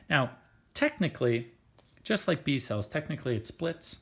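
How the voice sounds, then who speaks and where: Guy explaining biology stuff, chatty and playful, kinda gravelly voice. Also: on the high side, very animated, moderate pace. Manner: chatty, playful, with filler words. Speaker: science teacher. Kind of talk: casual explanatory lesson.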